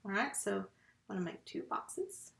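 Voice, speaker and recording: Her mid-range voice is gravelly yet fairly bright, and she keeps a moderate pace. It's a recorded phonics lesson for first graders, made at home, with the woman patiently breaking letters and syllables down one by one into a computer mic in an echoey space.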